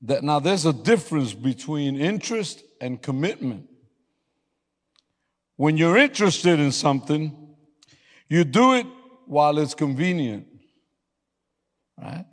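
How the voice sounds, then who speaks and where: A man preaching a sermon as pastor, telling lively stories, laughing and suddenly yelling for emphasis. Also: fairly high pitch, unhurried, long pauses. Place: church sanctuary. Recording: long hall reverb.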